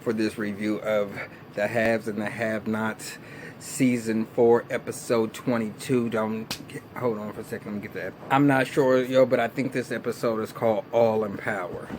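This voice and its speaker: A man giving a casual vlog review of a TV episode, ranting in an animated, profane and exasperated way. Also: on the low side, moderate pace, slight background noise. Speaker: TV show reviewer.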